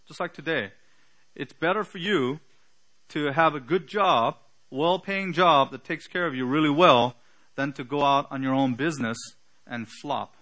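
A man preaching an earnest sermon, teaching with emphatic pauses and the odd filler. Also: on the high side, fairly bright tone. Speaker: pastor.

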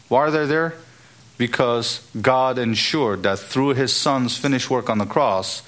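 A man's voice: mid-range voice, a bit bright. A male pastor preaching a sermon, emphatic, with rising exclamations and scripture readings.

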